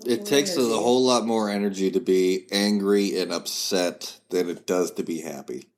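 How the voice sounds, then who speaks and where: Male podcast host and comedian, lowish voice, chatty, joking, trips on words. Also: normal speed, darkish tone. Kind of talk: casual podcast interview.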